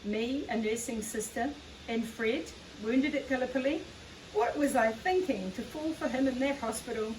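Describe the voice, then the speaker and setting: A woman's voice: a little high, normal speed, slight background noise, lightly acted. A woman reading as a chatty little Scottish farm wife. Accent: light Scottish. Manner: chatty, warm, homely. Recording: echoey room, far from the mic.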